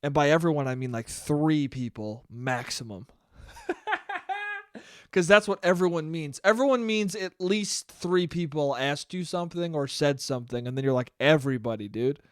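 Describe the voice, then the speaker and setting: A man's voice: moderate pace, smooth, no echo, clean studio sound. A young man hosting a solo podcast, ranting casually with lots of swearing and mocking impressions of relatives. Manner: profane, animated, mimics relatives in shrill voices. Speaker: podcast host.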